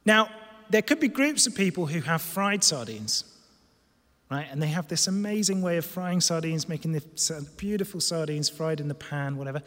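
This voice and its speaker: A preacher delivering a sermon with emphatic, animated energy. His voice is high, and he drops to a hush to drive points home. The church hall leaves a long reverb tail. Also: moderate pace. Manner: animated, emphatic, swings from loud to hushed.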